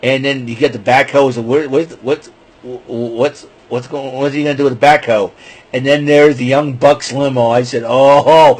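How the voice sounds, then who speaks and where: A man's voice: medium pitch, steady tone, moderate pace. A man casually recapping a wrestling show, rambling with many fillers and restarts.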